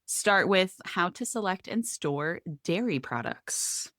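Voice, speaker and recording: Low-voiced woman, casual podcast co-host. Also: expressive, slow, fairly bright tone, no echo, studio quality. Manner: chatty, self-deprecating, explains things step by step.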